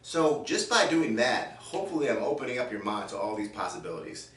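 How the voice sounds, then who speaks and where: A man's voice: mid-range voice, animated, brisk, a bit bright. Man, drum teacher, casual explaining, distant mic, echoey room, drums in background. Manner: counts beats aloud while playing; explains casually, checking in with "right?" and "okay?". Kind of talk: video drum lesson.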